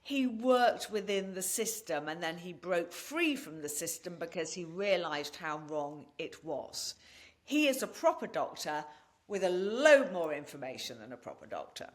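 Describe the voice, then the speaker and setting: A woman speaking as a podcast guest, with a voice sitting a little low for a woman. She tells her story with blunt, animated candor and swears without hesitation. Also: a little slow. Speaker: podcast guest and wellness practitioner. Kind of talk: candid interview storytelling.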